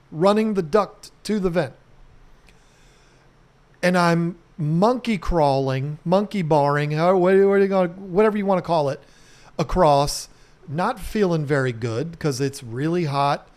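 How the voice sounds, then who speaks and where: A middle-aged man on his home restoration vlog, talking straight to camera in a loose, animated storytelling way. His voice sits a bit high for a man. He cusses casually and breaks into silly sound effects as he goes.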